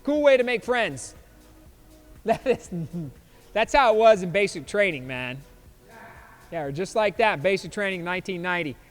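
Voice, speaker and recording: A man's voice: sits high, animated, moderate pace, pauses often, in a large hall, soft background music. A man in his fifties hosting a podcast, reacting to memes in a loose, joking way and laughing often. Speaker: podcast host. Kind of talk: casual chat reacting to memes.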